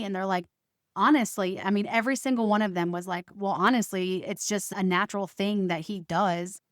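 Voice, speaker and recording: A woman's voice: medium pitch, dry recording, clean studio sound. A woman podcast host telling a personal family story as a monologue, recounting arguments by quoting both sides with emphatic stresses.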